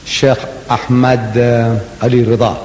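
A man's voice: medium pitch, flat delivery, unhurried, a little mellow, slight background noise. An older man giving an emphatic religious talk, telling stories and mixing in Arabic phrases. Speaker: Islamic speaker. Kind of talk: public religious lecture. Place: mosque hall. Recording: echoey hall with long reverb.

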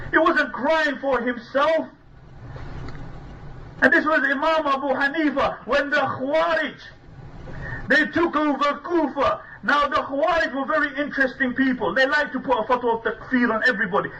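A man's voice: extremely high pitch, sharp tone, recorded from a distance, muffled recording, slight background noise. A man preaching a sermon as a story, earnest and emphatic, using Arabic religious terms. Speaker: Islamic preacher.

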